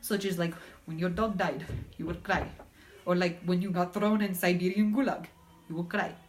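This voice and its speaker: Woman putting on a deadpan Russian lady, put-on Russian accent, broken grammar, lower voice, matter-of-fact. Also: normal speed, a little hiss or hum, close to an everyday voice. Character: blunt Russian woman, gulag escapee, deadpan. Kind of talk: comedic skit interview.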